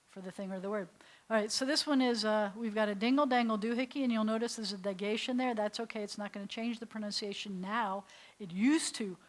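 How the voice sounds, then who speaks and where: A woman rabbi teaching beginners in an easygoing, chatty way. Her pitch sits in a middle range, and she keeps things playful with jokey asides. She mutters to her computer while she works. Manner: talks aloud to her computer while working. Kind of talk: casual beginner language lesson.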